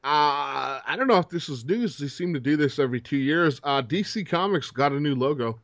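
High-voiced joking man, dry sound. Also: lively intonation, moderate pace, fairly bright tone, no room sound. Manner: crude, joking, laughs often. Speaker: podcast co-host. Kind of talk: casual chat.

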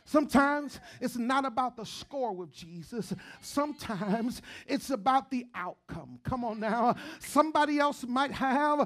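A woman preaching a sermon, repeating phrases rhythmically and swinging between shouting and near-whispers, with frequent "come on now" call-outs to the congregation. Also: a little high, expressive, a little slow, hardly any pauses.

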